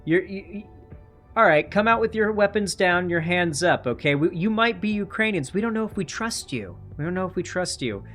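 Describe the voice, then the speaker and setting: A man's voice: high-pitched, animated, moderate pace, fairly bright tone, faint music behind, pitched above the performer's own voice. A man voicing a suspicious male soldier who taunts surrendering enemies in a mocking, wary way.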